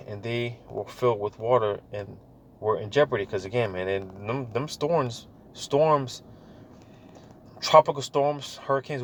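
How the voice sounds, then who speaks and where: Male lay Bible teacher, casual and slangy, mid-range voice, slows down for scripture readings. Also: medium pitch, a little hiss or hum. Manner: slangy, keeps saying "man" and "you know"; reads scripture aloud slowly, then riffs on it.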